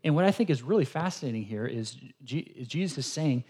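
Husky-voiced man preaching a sermon. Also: mid-range voice, a little fast. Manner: animated storytelling, acting out quoted dialogue. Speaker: pastor.

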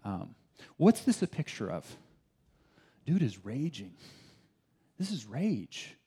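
A man delivers a sermon in a relaxed, chatty way, firing off rhetorical questions and restarting his sentences. His voice sits in a middle register with a mellow, warm tone. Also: medium pitch, takes it slowly, slightly rough. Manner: conversational, animated preaching with restarts and rhetorical questions. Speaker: pastor.

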